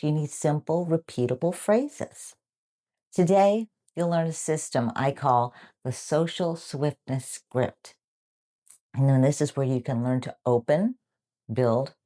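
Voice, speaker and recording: Very low-voiced, slow-speaking woman teacher. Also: warm tone. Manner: clear, upbeat, models phrases aloud. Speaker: English teacher. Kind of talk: live online lesson.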